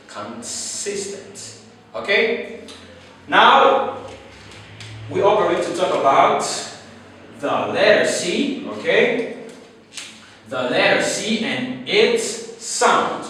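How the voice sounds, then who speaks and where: A male English teacher giving a phonics lesson, repeating words slowly and checking in with "okay?" again and again. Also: high-pitched, fairly bright tone, slight background noise. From Haiti. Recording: roomy echo, far from the mic.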